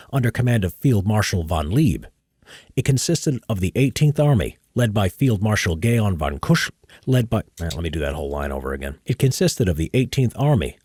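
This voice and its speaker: A man's voice: on the low side, darkish tone, breathy edge, no room sound, clean studio sound. A man recording history narration takes live, chatting casually between careful read-throughs. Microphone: studio microphone.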